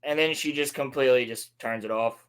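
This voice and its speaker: A man co-hosting a casual podcast, recapping a show sarcastically and mocking the characters in quick put-on lines. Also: medium pitch, fairly bright tone, clean tone. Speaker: podcast co-host.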